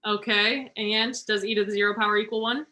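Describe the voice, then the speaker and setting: A woman tutoring students through a math problem online, encouraging them and talking through each step slowly. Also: medium pitch, steady tone, pushed and bright, low-quality recording.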